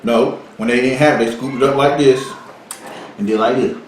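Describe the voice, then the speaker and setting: A man co-hosting a casual mukbang vlog talks briskly in a steady, mid-range voice, joking around and boasting as he tells stories. The room is very echoey, with faint background noise.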